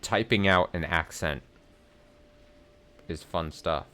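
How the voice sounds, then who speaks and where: A man's voice: sits low, takes it slowly, a bit bright, a little hiss or hum. A man giving casual let's play commentary, with wry, muttering, self-mocking asides as he plays.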